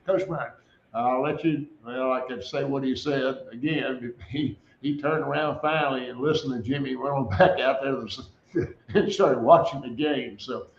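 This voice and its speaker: A man's voice: mid-range voice, a little slow, creaky, roomy sound, lo-fi sound, a little hiss or hum. An older man, a former quarterback, telling stories in a radio interview, laughing often as he goes. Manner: chuckling storyteller, laughs often.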